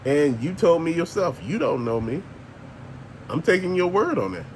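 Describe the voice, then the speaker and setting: A man's voice: a little high, sing-song, normal speed, slight background noise. An older man, ranting bluntly and profanely as a channel host, laughing often. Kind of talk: casual ranting monologue.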